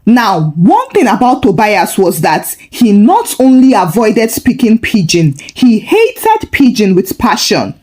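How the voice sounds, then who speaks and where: Lively, expressive woman storyteller. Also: mid-range voice, takes it slowly, hardly any pauses. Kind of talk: folktale narration.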